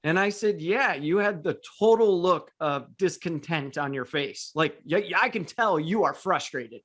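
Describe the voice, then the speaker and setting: A man's voice: fairly high pitch, expressive, measured pace, a bit bright. A man hosting a casual talk show, telling long stories with frequent restarts and fillers. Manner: rambling with many restarts and fillers. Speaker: podcast host and dog trainer. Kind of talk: casual storytelling chat.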